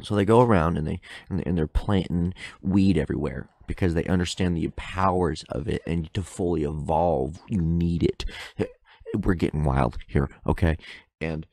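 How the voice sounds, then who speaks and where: Deep gravelly rambling podcaster man. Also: a little mellow, dry recording, clean studio sound. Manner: rambling, self-interrupting, swears casually. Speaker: podcast host. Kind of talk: rambling solo podcast monologue. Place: at home. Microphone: close microphone in front of face.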